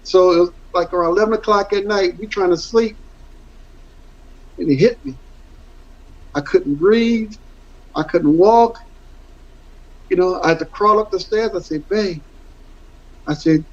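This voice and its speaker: Speaking as an interview guest, a middle-aged ex-football player tells his story candidly and earnestly, rambling and repeating words for emphasis. He has a high-pitched voice, an unhurried delivery, and pauses often, on dull lo-fi audio.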